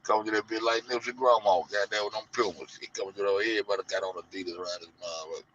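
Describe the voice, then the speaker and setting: A man's voice: fairly low pitch, fairly even intonation, racing, crowd noise. A man hosting a casual commentary show, rambling and profane, acting out the people he talks about. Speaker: show host. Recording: lo-fi dull audio.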